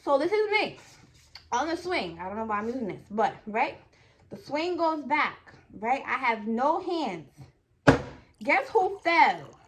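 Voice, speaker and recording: A woman's voice: high voice, very animated, measured pace. A young woman from New Jersey telling a personal story in a casual, chatty way, full of "like" and "okay?". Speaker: vlogger.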